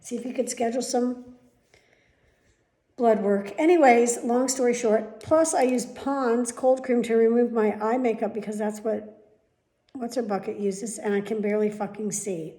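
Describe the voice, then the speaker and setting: A woman's voice: a little high, steady tone, normal speed, dark tone, roomy sound. Woman ranting in exasperation. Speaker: vlogger. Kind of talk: casual vlog rant.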